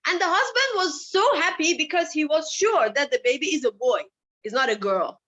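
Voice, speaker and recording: At a summit, a woman gives a personal storytelling speech with passion, firing off rhetorical questions. Her high voice is expressive and sharp at a normal pace, captured on a dull lo-fi recording.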